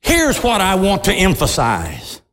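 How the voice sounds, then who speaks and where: A man preaching a sermon as pastor of his church, impassioned, swinging from low intensity to loud outbursts. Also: huge pitch swings, a little slow, long reverb tail. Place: large church hall.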